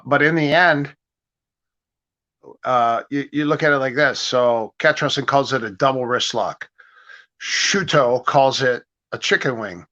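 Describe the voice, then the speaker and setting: A middle-aged man, a grappling coach, telling stories in a casual interview over a video call, animated and repeating phrases as he acts out quoted exchanges. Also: medium pitch. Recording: dull lo-fi livestream audio.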